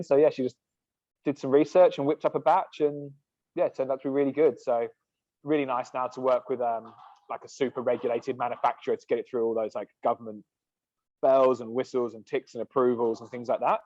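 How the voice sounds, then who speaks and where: A man's voice: medium pitch, a little fast, dry recording. A man in his thirties, a podcast guest chatting casually and rambling with lots of "like" and "um". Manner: relaxed, rambling, heavy on "like" and "um". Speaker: guest, sunscreen company co-founder. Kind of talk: casual chat. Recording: dull, dry podcast recording.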